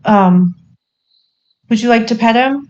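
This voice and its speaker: A woman playing a gentle young woman with a pet bat, speaking in a soft, hesitant, apologetic way. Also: fairly high pitch, takes it slowly, dull audio.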